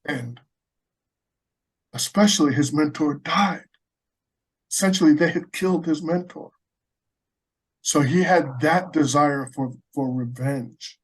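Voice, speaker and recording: A man's voice: fairly high pitch, takes it slowly, long pauses, breathy edge, low-quality recording. Earnest American man telling a story. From United States. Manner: earnest, animated storyteller with frequent restarts. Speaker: Buddhist practitioner guest. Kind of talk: storytelling in a conversational interview.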